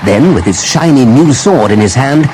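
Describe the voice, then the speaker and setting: A man giving a warm, animated scripted storybook narration. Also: medium pitch, normal speed, background noise. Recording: music under narration.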